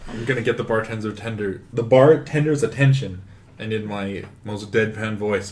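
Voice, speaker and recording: A man playing a tabletop game, talking in a halting, dry, deadpan way. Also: on the low side, slight background noise. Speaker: player.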